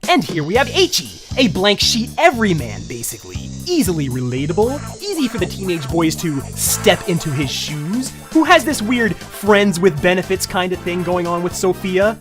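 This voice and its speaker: A woman's voice: fairly low pitch, very animated, moderate pace, few pauses, music in the background. A woman reviewing a cartoon with sarcastic, ranting commentary and mock outrage.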